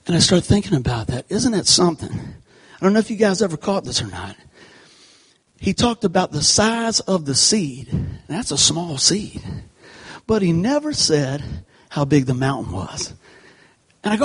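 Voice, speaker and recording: A man giving an animated sermon, telling a folksy personal story and acting out the scenes. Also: fairly high pitch, moderate pace, slightly rough. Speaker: church speaker. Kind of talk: sermon told through a comic personal story.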